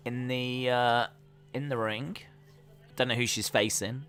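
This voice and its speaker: A man's voice: medium pitch, steady tone, a little slow, a bit bright, soft background music. A man hosting a live stream, chatting casually and calling the action play by play with plenty of fillers. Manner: chatty, rambling, trails off with fillers.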